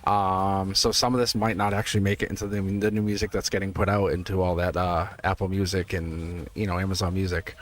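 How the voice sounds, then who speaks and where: A man's voice: deep voice, little pitch movement, fairly quick, few pauses. A middle-aged man reading tarot live, chatting casually, laughing often and repeating himself. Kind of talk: casual live-stream chat. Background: test music.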